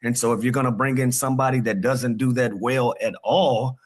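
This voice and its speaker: Measured male sports analyst. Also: mid-range voice, fairly even intonation. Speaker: radio co-host. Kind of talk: sports radio talk.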